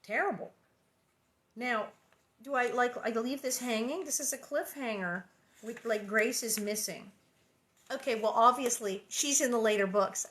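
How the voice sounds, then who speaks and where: Woman, middle-aged, storybook reader, chatty, animated, bright tone. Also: on the high side, measured pace. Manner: chatty, animated, many fillers. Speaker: actress reading to viewers. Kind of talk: storybook reading and casual chat.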